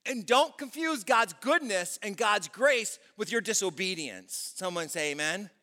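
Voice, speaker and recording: Man, pastor, sermon, conversational, high voice, church hall reverb. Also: lively intonation, a little slow, sharp tone, faint music behind. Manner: conversational, asks the congregation questions, acts out quoted prayers. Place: church auditorium.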